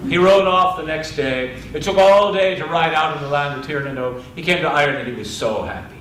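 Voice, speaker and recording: A man's voice: on the high side, fairly quick, a bit bright, slight background noise. A man telling a legend live to an audience, dramatic and addressing listeners directly. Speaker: storyteller. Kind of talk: live oral storytelling. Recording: roomy, distant live mic.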